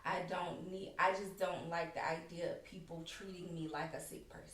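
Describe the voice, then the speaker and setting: A woman's voice: on the low side, flat delivery, normal speed, fairly bright tone. A woman speaking as a podcast guest, candidly telling her own personal story in a casual way. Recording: echoey room, far from the mic, faint background noise.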